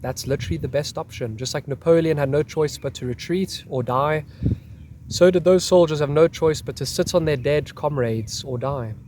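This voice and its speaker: A man's voice: fairly high pitch, moderate pace, a little mellow, a little hiss or hum. Chatty man explaining history. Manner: chatty, repeating "crazy, hey?". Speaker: history video host. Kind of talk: casual history talk, reading out extracts.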